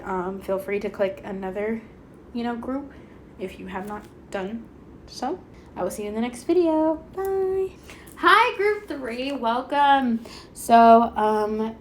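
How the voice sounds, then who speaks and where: A woman giving a pick-a-card tarot reading, chatty and excitable, talking fast with lots of fillers and a slightly stuffy nose. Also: medium pitch, a little hiss or hum. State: a little stuffy-nosed. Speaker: tarot reader.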